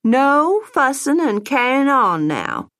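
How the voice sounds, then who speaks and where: A woman voicing a gentle older mother with a Southern US accent, drawling softly and soothing. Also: sits high, sing-song, takes it slowly, no room sound, clean studio sound, pitched above the performer's own voice, full character voice.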